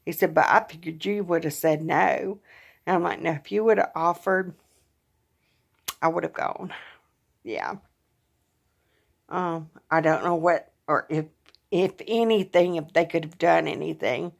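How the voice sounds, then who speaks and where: Tired, halting woman, lowish voice. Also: gravelly. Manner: soft, halting, with frequent sighs and pauses. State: tired and in pain. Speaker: vlogger. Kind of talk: casual personal vlog.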